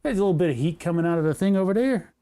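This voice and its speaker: Male streamer, higher pitch, casual rambling tinkering talk with wry jokes. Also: lively intonation, racing, dark tone, smooth. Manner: rambling, joking, talks to chat while working. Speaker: maker streaming a hardware project.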